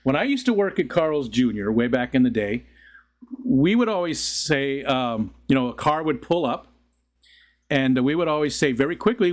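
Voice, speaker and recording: A man's voice: medium pitch, expressive, normal speed. A middle-aged man hosting a casual live stream, rambling and chuckling as he talks to his chat. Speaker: livestream host.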